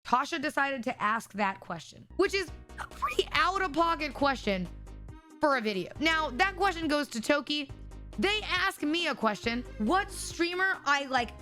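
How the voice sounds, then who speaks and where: A young woman streamer telling an animated storytime, talking straight to her chat. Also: sits high, moderate pace, faint music behind. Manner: animated, addresses chat directly. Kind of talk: storytime vlog.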